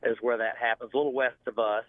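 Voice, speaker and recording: A man's voice: medium pitch, little pitch movement, fast, no room sound. Southern man on a tinny phone line. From South Georgia. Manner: easygoing, self-mocking. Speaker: caller, construction company owner. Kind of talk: casual chat by phone. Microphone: phone while driving.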